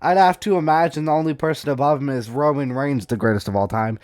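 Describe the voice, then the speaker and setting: A man's voice: on the high side, fast talker, darkish tone, no echo. A young man hosting a casual news commentary vlog, rambling and snarky, trading playful insults. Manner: rambling, snarky, trash-talking. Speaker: vlog host.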